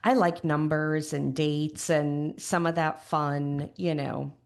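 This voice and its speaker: Low gravelly woman with a Chicago accent. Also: steady tone, slow. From Chicago area, USA. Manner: thoughtful, searching for words, frequent restarts. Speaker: podcast guest, grief educator. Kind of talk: reflective conversational interview.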